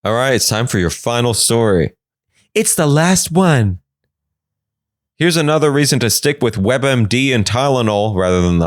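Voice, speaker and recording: Jokey animated male podcast host. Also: mid-range voice, moderate pace, dry recording, studio quality. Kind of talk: comedic news recap.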